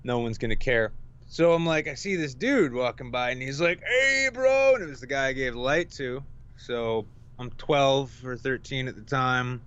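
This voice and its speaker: Smooth-voiced man telling a raunchy story. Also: medium pitch, moderate pace, a bit bright, muffled recording. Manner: loose, profane, playful storytelling with acted-out quotes. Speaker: podcast co-host. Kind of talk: casual storytelling chat.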